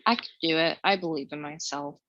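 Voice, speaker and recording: A woman's voice: low-pitched, a little fast, a bit bright, no room sound. A woman co-hosting a casual chat, playful and joking about herself. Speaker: podcast co-host. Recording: dry, dull lo-fi recording.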